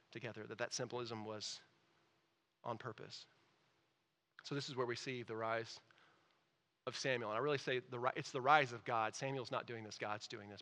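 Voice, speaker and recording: A man preaching a sermon as pastor, reading scripture and explaining it, moving between quiet asides and loud emphatic peaks. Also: medium pitch.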